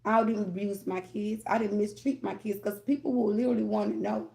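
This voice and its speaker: Gravelly-voiced woman talking tarot to viewers. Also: medium pitch, steady tone, brisk, darkish tone. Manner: candid, rambling, addresses viewers with "y'all" and "okay?". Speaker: tarot reader. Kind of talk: casual spiritual talk to viewers.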